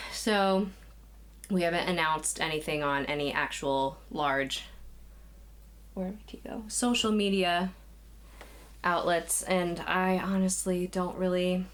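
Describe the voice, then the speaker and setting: A young woman chatting casually to camera from a small craft room at home, a little out of breath, rambling with sighs and restarts. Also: on the low side. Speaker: knitting podcast host. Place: small spare room used as a craft nook. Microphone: camera, moving in and out of frame.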